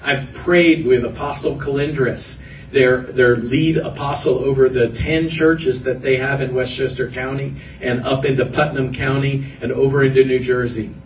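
A man's voice: mid-range voice, steady tone, moderate pace, roomy sound, recorded from a distance, slight background noise, low-quality recording. A man preaching a sermon as pastor, earnest and building through repeated phrases. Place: church hall.

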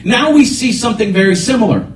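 A man's voice: high-pitched, animated, fast. Earnest preacher man in an echoey room. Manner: earnest, emphatic preaching with repeated phrases. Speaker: pastor. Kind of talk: sermon. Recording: echoey room picked up from a distance.

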